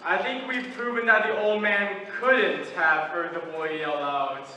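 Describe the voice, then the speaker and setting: A teenage young man acting a calm, persistent juror who reasons methodically in a school stage play. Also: high voice, measured pace, exaggerated voice. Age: late teens. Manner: methodical, reasoning aloud, some restarts. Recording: echoey hall from far off, light noise.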